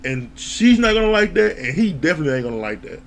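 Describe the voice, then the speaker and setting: A man's voice: a little high, big pitch swings, fast talker, gravelly, a little hiss or hum. A man giving a casual, rambling recap of a TV episode, chatting along and laughing often. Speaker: TV show reviewer.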